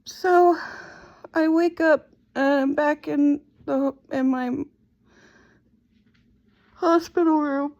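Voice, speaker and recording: Woman, middle-aged, higher voice, slow emotional storytelling, muffled lo-fi sound. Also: steady tone, darkish tone. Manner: slow, halting, emotional retelling. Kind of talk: personal storytelling. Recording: dull lo-fi recording.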